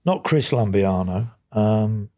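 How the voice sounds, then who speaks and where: A man's voice: on the low side, slow, dark tone. An English man, a podcast guest, telling long rambling anecdotes in a casual interview, full of quoted exchanges and restarts.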